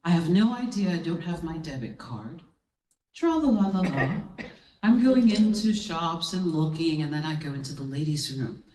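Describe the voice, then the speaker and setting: A woman giving a sermon as a guest speaker, telling a personal story with lively energy and acting out the voices of the people in it. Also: deep voice, normal speed, a little hiss or hum. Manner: animated, acts out quotes in voices. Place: church hall. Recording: roomy hall, distant mic.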